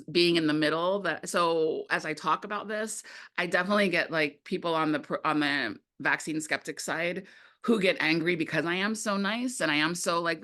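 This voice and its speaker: Woman, documentary filmmaker, lowish voice, animated casual talk, acts out quotes.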